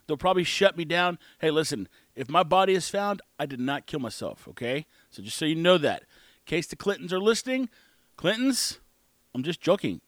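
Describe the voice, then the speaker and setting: A man's voice: fairly high pitch, very animated, a little fast, a bit bright, dry recording. A man hosting his own show, rambling through an opinionated casual monologue. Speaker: podcast host.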